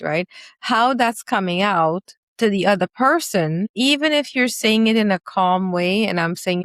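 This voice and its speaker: A woman's voice: mid-range voice, animated, a little slow, dry recording. A woman hosting a casual conversation, speaking in an earnest, reflective way, often using fillers like "like" and "you know.". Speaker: podcast host and coach.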